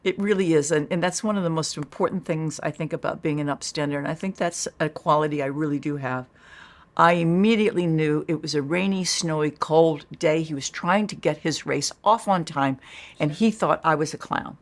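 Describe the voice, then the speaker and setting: Older woman telling a lively story. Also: sits low, brisk. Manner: lively storyteller, acts out quoted voices. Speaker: guest. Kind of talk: storytelling interview.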